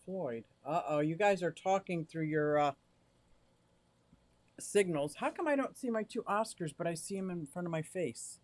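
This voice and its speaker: A chatty, excitable man livestreaming from his home fish room into a directional mic, talking to viewers while fiddling with his gear. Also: sits high, moderate pace, no room sound. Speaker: aquarium hobbyist livestreamer. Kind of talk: casual live stream chat to viewers. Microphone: directional microphone.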